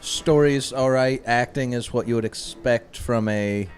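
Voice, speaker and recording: A man co-hosting a horror movie review podcast, giving hesitant, even-handed verdicts with many restarts. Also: mid-range voice, measured pace, clean tone, soft background music. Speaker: podcast co-host. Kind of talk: casual movie review chat.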